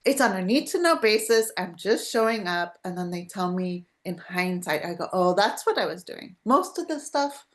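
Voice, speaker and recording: A woman hosting a live spiritual podcast over a video call, talking casually in a rambling, chatty way with frequent restarts. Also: mid-range voice. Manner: rambling, chatty, self-interrupting with laughs. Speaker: podcast host.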